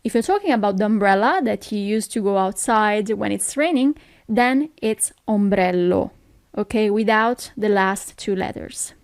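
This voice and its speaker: A woman's voice: mid-range voice, lively intonation, normal speed, smooth, no room sound, studio quality. A woman from Italy with an Italian accent, teaching a language lesson, who explains things patiently and keeps checking in with "okay?".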